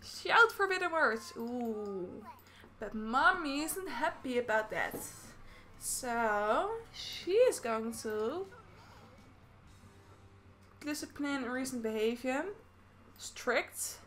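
A Dutch gaming YouTuber with a high-pitched, sharp, animated voice takes it slowly while playing a life-sim game. In casual Let's Play fashion she chats through each action, narrating what she does, with slight background noise.

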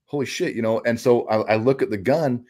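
A man telling a raw personal story as an interview guest, halting, with frequent restarts, repeated words and blunt swearing. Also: mid-range voice, fairly even intonation, a little mellow. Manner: blunt and profane; raw, intense retelling.

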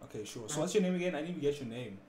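A man from South Africa livestreaming prank chats with strangers, teasing them with deadpan, playful banter. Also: fairly high pitch, rapid-fire. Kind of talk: prank chat with strangers on video call. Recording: echoey room with faint background noise.

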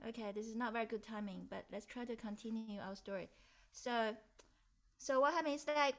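A woman teacher narrating a puppet story for children over a video call, in an animated, playful way. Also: on the high side, a little fast, dull audio. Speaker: music teacher.

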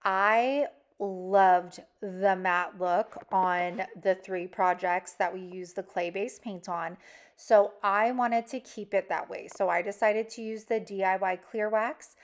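A young woman in a relaxed, unhurried DIY craft voice-over, talking to her viewers like friends. Her voice sits at an ordinary middle pitch and she takes her time over every step. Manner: chatty, addresses viewers directly. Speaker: DIY craft channel host. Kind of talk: casual craft tutorial voice-over.

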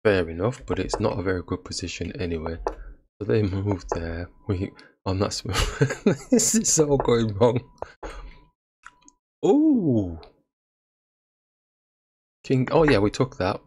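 A man's voice: fairly low pitch, lively intonation, moderate pace, darkish tone, slightly rough. A man giving casual commentary on his own chess game, laughing at his own blunders. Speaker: chess streamer.

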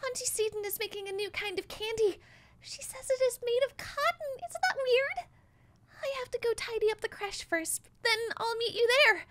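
Woman putting on a soft-spoken sweet kid, high and gentle. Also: animated, moderate pace, a little hiss or hum. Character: sweet gentle little girl.

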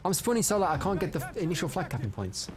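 A man giving live commentary over his own gameplay, excitable and prone to loud frustrated outbursts, chatting with his viewers between rounds. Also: fairly high pitch, very fast. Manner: chats to viewers and reads out their comments. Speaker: live streamer.

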